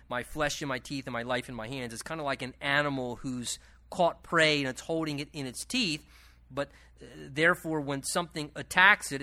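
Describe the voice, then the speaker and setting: A male pastor teaching verse by verse through a Bible passage in a conversational, animated way, with asides and quick self-corrections. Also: mid-range voice.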